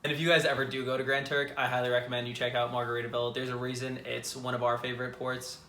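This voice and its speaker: A young man tells a story casually to camera as the co-host of a vlog. His voice is bright and forceful, and he laughs often. The room has a noticeable echo with faint background noise. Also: mid-range voice, monotone, fast talker.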